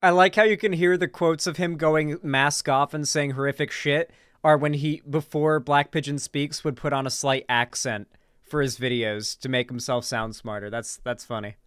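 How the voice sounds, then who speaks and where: Smooth-voiced young man rambling casually. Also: fairly high pitch, steady tone, normal speed, a bit bright, no echo, clean studio sound. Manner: rambling, many fillers and restarts. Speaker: streamer reacting to a video. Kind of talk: casual live commentary.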